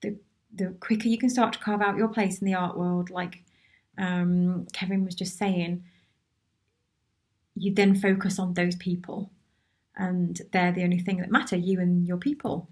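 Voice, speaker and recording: A woman's voice: on the low side, level tone, unhurried, darkish tone. A woman hosting a casual live Q&A, chatty and encouraging, reading out viewers' comments and replying to them. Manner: chatty and encouraging, with many restarts and asides. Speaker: workshop host answering viewer questions.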